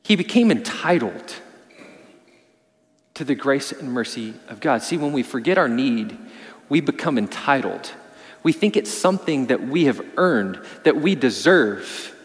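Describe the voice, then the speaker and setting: A man preaching a sermon as pastor, pressing his points hard and then dropping low and soft for emphasis. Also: expressive, measured pace, in a large hall. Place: church sanctuary.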